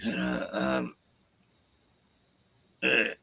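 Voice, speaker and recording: A man's voice: mid-range voice, big pitch swings, creaky, sharp tone, husky, dry recording, rough recording. An Australian man hosting a rambling livestream, ranting with heavy profanity and reading viewer comments aloud. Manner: drawn-out filler sounds and restarts. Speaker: livestream host. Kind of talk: rambling solo livestream chat.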